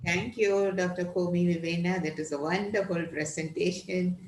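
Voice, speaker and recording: A woman's voice: fairly low pitch, steady tone, moderate pace, reverberant, slight background noise. A woman moderator thanking the speaker graciously and opening the floor for comments. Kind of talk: event moderation.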